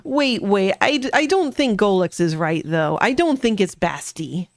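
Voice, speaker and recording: Slow-talking playful woman streamer. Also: mid-range voice, animated, no room sound, clean studio sound. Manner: playful, giggly, jokey asides. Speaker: game streamer. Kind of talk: casual let's play commentary, reading game dialogue aloud. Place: home streaming setup.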